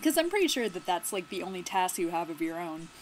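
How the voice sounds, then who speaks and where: A woman's voice: lowish voice, sing-song, quick pace, slight background noise, rough recording. A young woman hosting a let's play, chatting casually with sarcastic asides. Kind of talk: casual game commentary.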